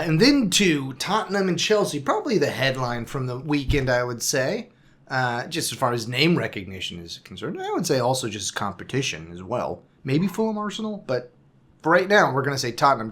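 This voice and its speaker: A man's voice: mid-range voice, fairly bright tone. A man co-hosting a casual football podcast, chatting in a wry, self-deprecating way about his team's results. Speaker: podcast co-host. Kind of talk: casual sports chat.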